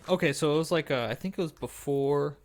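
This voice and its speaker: A man's voice: fairly high pitch, a little fast. A young man co-hosting a podcast, casually retelling a movie plot, rambling with lots of fillers and bursting into acted-out lines. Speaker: podcast co-host. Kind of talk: casual chat recapping a movie.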